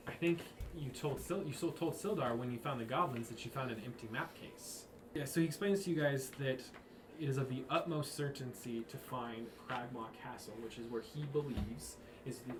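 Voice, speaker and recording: A man narrating a tabletop game as game master, rambling with frequent restarts. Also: medium pitch. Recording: echoey room with faint noise.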